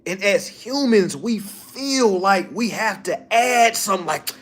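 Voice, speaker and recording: Brash male coach, high voice with big swings, blunt and teasing with his clients. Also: unhurried. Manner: blunt, preachy, keeps asking "All right?"; animated, mocking and laughing at his audience. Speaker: business coach addressing clients.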